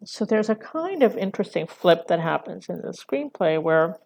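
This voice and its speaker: A woman lectures on screenwriting in a relaxed, conversational way. Her voice sits a little low and has a gravelly fry, and she keeps checking in with her listeners by asking "right?". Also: normal speed. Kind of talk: recorded lecture.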